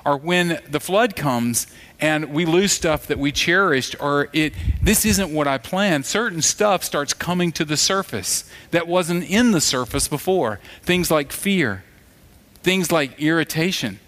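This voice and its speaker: A man's voice: fairly high pitch, lively intonation, measured pace, a bit bright. A man preaching a sermon in a conversational, storytelling way, acting out the voices of the people in his stories. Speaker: pastor.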